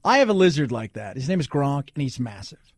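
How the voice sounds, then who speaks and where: A man's voice: mid-range voice, sing-song, brisk, husky, no room sound, studio quality. A middle-aged man hosting a talk radio show, blunt and jokey, slipping into mocking voices. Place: radio studio.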